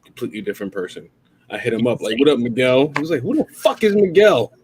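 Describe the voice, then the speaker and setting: A man's voice: medium pitch, sing-song, fast, darkish tone, slight background noise. A man bantering on a casual livestream, teasing and laughing a lot.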